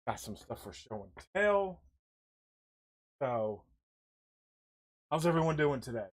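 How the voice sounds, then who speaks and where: Slow-talking man chatting while he paints. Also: medium pitch, big pitch swings. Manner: rambling, talks while working, greets chat by name. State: out of breath. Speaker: livestream host painting figures. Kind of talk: casual livestream chat.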